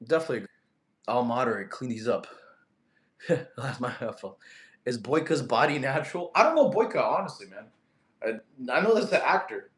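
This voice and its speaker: A young man from Russia, a fitness streamer reading live chat, animated and quick to get annoyed at spammers. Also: mid-range voice. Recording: echoey room.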